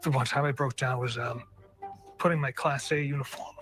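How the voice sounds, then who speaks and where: A man, a former state trooper, recalling events haltingly and emotionally in a recorded news interview. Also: mid-range voice, steady tone, over music.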